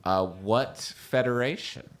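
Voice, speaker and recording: A man's voice: mid-range voice, slow pace. A man on the show's crew who makes dry, joking asides in casual chat.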